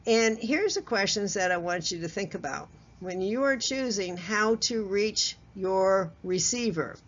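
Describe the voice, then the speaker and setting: A woman giving a recorded workplace communication lesson in a conversational way, asking the listener questions and chuckling at herself. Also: mid-range voice. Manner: chuckles at herself, loose fillers and restarts. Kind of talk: recorded training lecture. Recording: slightly dull lo-fi audio.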